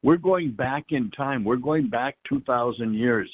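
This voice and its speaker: A man, a priest, reflecting on the Mass in a halting way, often repeating words as he searches for them. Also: medium pitch, dry recording. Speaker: priest guest. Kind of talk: reflective conversation on faith. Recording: dry tinny phone-like line.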